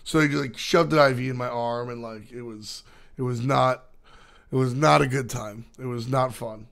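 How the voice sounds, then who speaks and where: A young man with a hoarse, still-recovering voice, rambling casually to his stream chat, with lots of fillers. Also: medium pitch, steady tone, moderate pace, a bit bright. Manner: rambling, filler-heavy storytelling. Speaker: esports caster streaming to chat.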